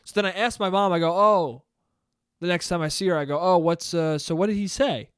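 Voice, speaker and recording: A young man hosts his own podcast, telling a long story in a loose, profane ramble that keeps flaring into loud disbelief. His voice sits high for a man. The sound is close and dry, with no room around it. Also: fast talker, clean tone, no room sound. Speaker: podcast host. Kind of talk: solo podcast monologue.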